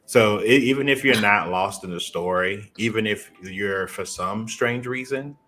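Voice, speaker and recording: A man's voice: fairly low pitch, measured pace, bright, forceful tone. A man co-hosting a podcast in casual chat, easygoing and playful. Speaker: podcast co-host.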